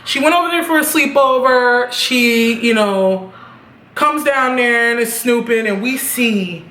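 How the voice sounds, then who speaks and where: A young woman casually reviewing a TV episode, animated and profane, laughing at her own reactions. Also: a little high, slow pace. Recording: echoey room with faint noise.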